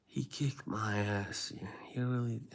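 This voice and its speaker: A man doing an impression of a famous heavyweight boxer, speaking in a soft, breathy half-whisper. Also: lowish voice, steady tone, takes it slowly, voice pushed up. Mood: reminiscing.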